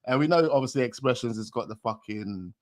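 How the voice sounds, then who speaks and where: A man hosting a casual reaction show, excitable and full of street slang. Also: medium pitch, brisk, no echo, clean studio sound. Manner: excitable, heavy street slang, breaks into laughter. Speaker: host reacting to a rap video.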